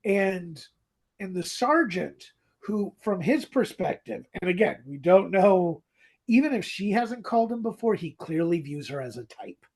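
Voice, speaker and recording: A gravelly, husky co-host chats casually on a podcast. The voice swings widely in pitch, lively and animated. Quotes get acted out with relish. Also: measured pace. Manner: animated, laughs, acts out quoted lines. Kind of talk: casual chat about a radio drama.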